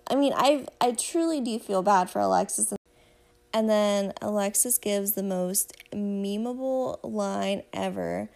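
A woman's voice: on the high side, measured pace, gravelly, a little mellow. A woman hosting a podcast, chatting casually and gushingly as she recaps a show and talks straight to her listeners. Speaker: podcast host.

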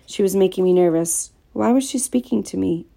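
A woman narrating a first-person story aloud in a steady, plain storytelling manner. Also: mid-range voice, a little fast, gravelly. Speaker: audiobook narrator.

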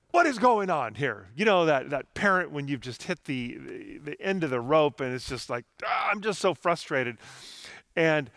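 A man's voice: mid-range voice, a bit bright, no echo, studio quality. A middle-aged man preaching a sermon as pastor, earnest and conversational, mixing personal stories with scripture.

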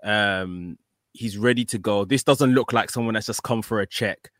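Gushing, emotional podcast host. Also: male voice, lowish voice, normal speed, no room sound, studio quality. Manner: emotional, gushing, repeats words when excited. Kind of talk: casual podcast chat.

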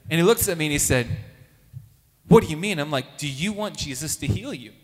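A man telling a lively faith story as a testimony, acting out the voices of the people in it. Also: fast talker. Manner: animated, acts out quoted voices with big pitch jumps. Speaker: speaker at a Catholic gathering. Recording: long hall reverb.

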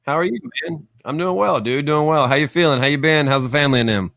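A man's voice: on the high side, fast talker, a bit bright, no echo. Upbeat man hosting a livestream. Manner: upbeat and chatty, with frequent ums and uhs. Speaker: livestream show host. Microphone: studio mic with headphones.

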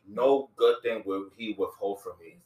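A man's voice: on the low side, measured pace, darkish tone. A man talking earnestly in a casual conversation about faith, quoting scripture and often restarting his sentences. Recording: echoey room, voice from a distance.

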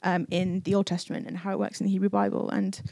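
A woman's voice: mid-range voice, flat delivery, quick pace, creaky, warm tone, no room sound. A woman giving a casual, conversational sermon in a church, chatty with many fillers. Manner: chatty, many fillers, acts out quoted speech. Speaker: preacher. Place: church service.

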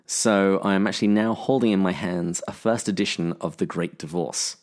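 A man's voice: low-pitched, moderate pace, a little mellow. A man co-hosting a podcast in casual chat, making dry jokes. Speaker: podcast co-host.

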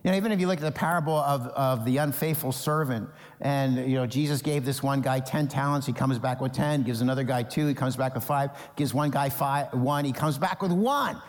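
A man from New Jersey preaching a sermon as pastor, animated, acting out Bible characters in quoted voices. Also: medium pitch, brisk, few pauses, long reverb tail.

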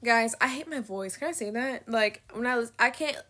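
Her voice is bright and forceful, on the high side, at a moderate pace. On her casual solo podcast, the nineteen-year-old host rambles, curses openly, leans on fillers, and laughs at her own remarks, noting she has a slight lisp.

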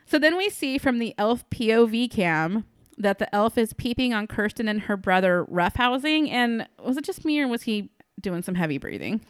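A woman's voice: fairly high pitch, big pitch swings, normal speed, clear, resonant tone, dry recording, clean studio sound. Crude sarcastic woman recapping a film. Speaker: podcast co-host. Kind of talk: casual movie recap chat.

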